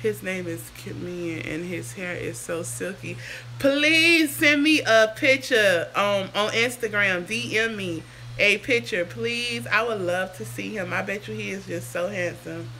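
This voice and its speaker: A chatty woman talks casually on a home livestream, sounding sick and a bit hoarse. Her voice is bright and clear. A faint hiss sits under the recording. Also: mid-range voice, steady tone, measured pace. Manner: chatty, sidetracked, answers comments aloud. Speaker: hair vlogger on a livestream. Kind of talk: casual livestream chat reading viewer comments.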